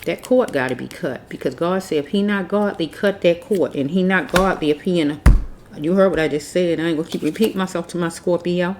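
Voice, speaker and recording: A woman's voice: lowish voice, brisk, noisy background. A woman giving a casual tarot reading, blunt and preachy, repeating herself as she scolds. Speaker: tarot reader.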